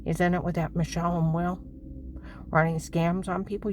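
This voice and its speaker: A woman talking in an anxious, rambling personal monologue, swinging between hushed whispers and loud outbursts. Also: fairly low pitch, flat delivery, moderate pace, noisy background. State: anxious and on edge. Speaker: vlogger.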